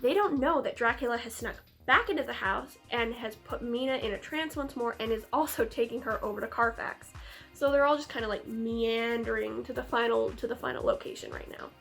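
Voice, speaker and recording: A woman reviewing a film in a chatty, sarcastic way, with animated asides. Her voice sits fairly high, and faint music plays underneath. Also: fairly quick, gravelly.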